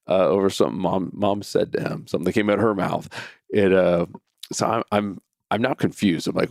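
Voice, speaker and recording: A man in his thirties tells a family story on his podcast in a low, gravelly voice. He talks casually, repeating words and restarting sentences as he goes. The sound is dry and close, with no room echo. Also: fairly even intonation, moderate pace. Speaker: podcast host.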